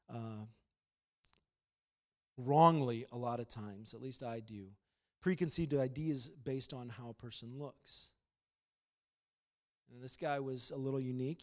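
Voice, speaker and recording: A man preaching a sermon as pastor, swinging between loud, emphatic proclamation and quiet, conversational storytelling. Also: medium pitch.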